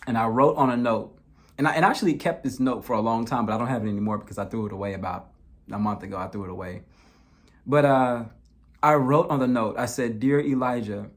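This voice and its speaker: A man speaking in a middle register narrates a painful episode from his own life. He is earnest and personal, and often repeats words and restarts as the feelings catch up with him. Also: mid-range voice. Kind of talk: personal true-crime storytelling.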